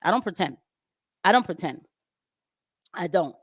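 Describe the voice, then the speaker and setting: Her voice sits on the low side, slightly rough and very animated, moving at normal speed. The young Haitian-descended host keeps her livestream commentary casual, blunt, and sarcastic, laughing often, in a dry, clean studio recording.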